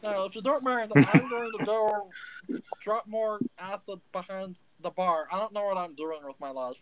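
A man's voice: high voice, moderate pace, a crowd in the background, voice pushed up, lightly acted, low-quality recording. A man voicing a jittery, brash male gnome barfly who rambles and picks fights. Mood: manic.

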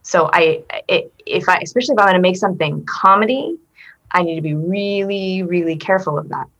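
A woman's voice: fairly low pitch, a little fast. A middle-aged woman talking as an interview guest, thoughtful and earnest, with frequent restarts. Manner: thoughtful, earnest, with many restarts and soft laughs. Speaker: guest, accent performer. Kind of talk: reflective interview conversation.

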